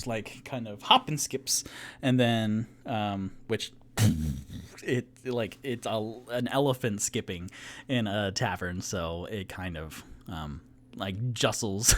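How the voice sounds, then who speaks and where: Slow, rambling male game master. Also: mid-range voice, expressive. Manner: rambling, with many fillers and self-corrections. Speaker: game master and solo player. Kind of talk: narrating a tabletop game.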